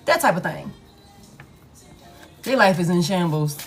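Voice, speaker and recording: A tarot reader with a lowish voice and lively intonation talks unhurriedly through a casual reading as soft music plays behind her. She is emphatic and blunt, repeats phrases, and curses freely.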